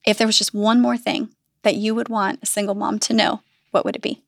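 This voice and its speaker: A woman's voice: medium pitch, level tone, fairly quick, vocal fry, no echo, studio quality. A woman hosting a faith podcast, affirming her guest and reflecting thoughtfully. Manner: warm affirming listener, reflective. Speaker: podcast host.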